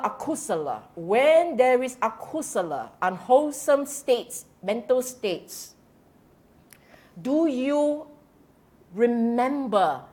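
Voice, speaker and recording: A woman with a Singaporean English accent giving a Buddhist Dhamma talk to a congregation, quizzing the audience and dropping in colloquial particles. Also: mid-range voice. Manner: animated, keeps quizzing the audience; drops in colloquial particles and laughs.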